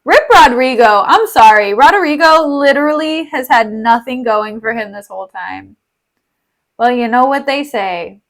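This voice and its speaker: A woman's voice: on the high side, lively intonation, measured pace. A young woman streamer reading a play aloud with casual, slangy, giggly commentary.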